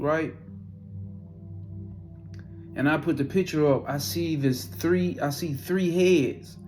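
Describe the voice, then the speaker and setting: A man's voice: on the high side, a little mellow. Profane man telling a spiritual story. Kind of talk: casual storytelling vlog.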